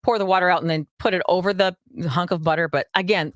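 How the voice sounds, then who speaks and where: A woman's voice: on the low side, fairly even intonation, fast, no room sound, clean studio sound. A woman with a Minnesota accent, co-hosting a casual radio podcast, chatty and laughing easily. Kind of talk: casual chat.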